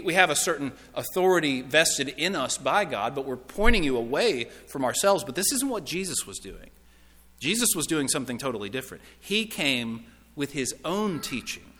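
A man's voice: a little high, expressive, normal speed, sharp tone. A man preaching a sermon as pastor, earnest and emphatic, with repeated phrases, in a church. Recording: long reverb of a large hall.

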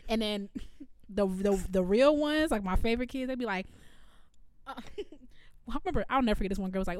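A woman, co-hosting a casual chat and telling animated stories as a former music teacher. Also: fairly high pitch, moderate pace, clean tone, no echo. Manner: animated storytelling, quoting herself.

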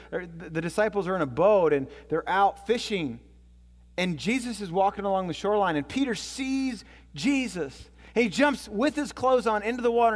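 A man preaching a sermon as a storytelling pastor, swinging from loud, excited passages to hushed, low ones. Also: in a large hall.

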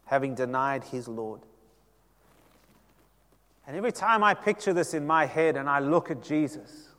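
A man, preaching a sermon as pastor and telling the story dramatically, shifting between loud and hushed passages. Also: medium pitch, in a large hall.

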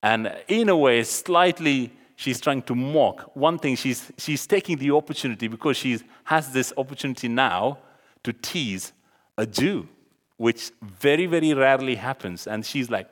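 A man preaching a sermon in a large hall, his voice trailing off in long reverb. His delivery swoops up and down with animation. He acts out the dialogue and breaks into sudden loud exclamations. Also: medium pitch, animated, normal speed.

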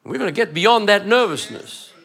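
A man's voice: sits high, animated, moderate pace, creaky, fairly bright tone. A man preaching a sermon, emphatic, repeating phrases and acting out dialogue. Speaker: pastor.

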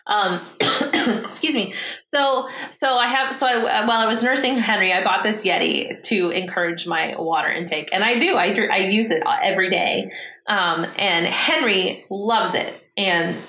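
A young adult woman chats casually as a podcast co-host, rambling along with plenty of fillers. Her voice is bright and clear. The room gives it a noticeable echo. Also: mid-range voice, measured pace. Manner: rambling, chatty, lots of fillers. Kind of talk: casual chat. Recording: roomy echo.

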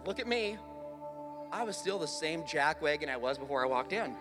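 A male pastor preaching a sermon from a church stage, swinging between loud urgent lines and hushed ones. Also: a little high, lively intonation, moderate pace, big-room sound, over music. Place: church sanctuary.

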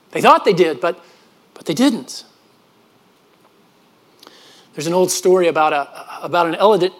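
High-voiced preacher delivering a sermon. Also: male voice. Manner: earnest, storytelling preacher with frequent restarts. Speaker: pastor.

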